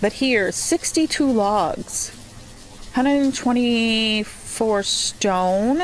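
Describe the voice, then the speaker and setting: A woman casually commenting as she plays a settlement-building game, thinking aloud slowly with frequent pauses and ums. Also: fairly high pitch. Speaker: gameplay streamer. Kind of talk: casual let's-play commentary.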